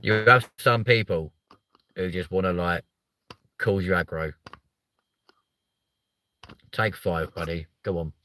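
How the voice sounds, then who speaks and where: A young man hosting a livestream, chatting in a rambling, sweary way that jumps up in pitch when he gets riled. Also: takes it slowly, long pauses, sharp tone, slight background noise. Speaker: livestream host. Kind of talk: casual livestream chat.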